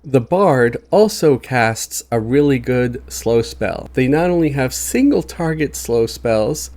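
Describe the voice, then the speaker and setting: A man explains a video game at an unhurried, leisurely pace. He sounds easygoing and chatty and pokes fun at himself. His voice still carries a bit of morning depth. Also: mid-range voice, darkish tone. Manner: easygoing, chatty, self-joking. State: morning voice, a bit deeper than usual. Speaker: gaming channel host.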